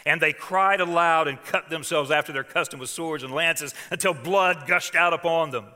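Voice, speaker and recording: Older male preacher, bright and dramatic. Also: a little high, moderate pace, big-room sound. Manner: dramatic scripture reading, swings from hushed to loud. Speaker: pastor. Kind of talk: sermon.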